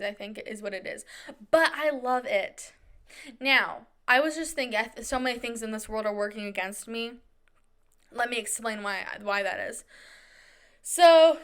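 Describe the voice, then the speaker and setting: A woman's voice: on the high side, a bit bright. A young woman hosting her own podcast, chatting casually and telling stories dramatically, acting out the people in them. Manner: chatty, dramatic storytelling with quoted voices. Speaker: podcast host. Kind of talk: casual solo podcast chat.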